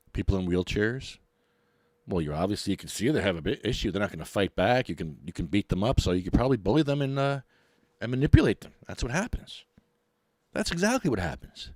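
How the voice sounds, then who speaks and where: A middle-aged man, hosting a podcast and ranting in a mocking, animated way. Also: low-pitched, dry recording, clean studio sound. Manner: animated, mocking, laughs often. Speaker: podcast host.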